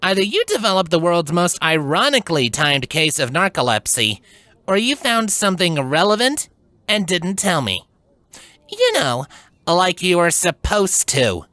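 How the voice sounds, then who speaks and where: A man's voice: sits high, very animated, unhurried, sharp tone, dry recording, voice pushed up, full character voice. Rainbow Dash, a sarcastic tomboy pegasus voiced by a man. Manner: cold sarcastic, scolding.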